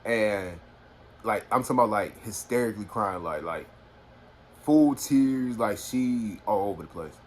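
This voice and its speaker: A man's voice: lowish voice, unhurried. Young man, casual storytime, lots of fillers, phone recording, faint room noise. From Houston, Texas. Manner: rambling, filler-heavy, animated retelling. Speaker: vlogger.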